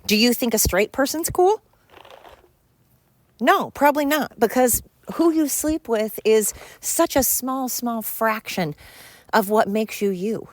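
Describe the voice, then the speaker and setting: A woman's voice: a little high, takes it slowly, no room sound. Blunt, exasperated woman ranting. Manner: blunt, crude, exasperated, rambling with fillers. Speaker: podcast host. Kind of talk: solo opinion podcast rant.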